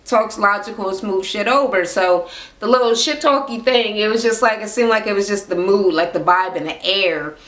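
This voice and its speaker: A woman's voice: mid-range voice, moderate pace, a bit bright. A woman recapping reality TV in a casual rant, blunt and swearing a lot. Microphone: camera mic. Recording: roomy echo.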